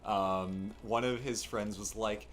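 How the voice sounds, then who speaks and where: A co-player on a game stream telling stories haltingly, with plenty of restarts, and laughing at themself. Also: low voice, fairly even intonation, fairly bright tone, a little hiss or hum. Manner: halting storytelling, self-amused. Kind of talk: casual chat. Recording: faint music behind.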